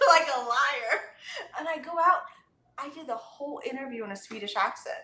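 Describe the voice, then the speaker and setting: A woman in her twenties, a singer, telling stories in a casual interview, animated and giggly, heard over a video call in an echoey room. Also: sits high, normal speed, a little hiss or hum. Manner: animated, giggly, quotes herself in voices. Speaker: singer guest.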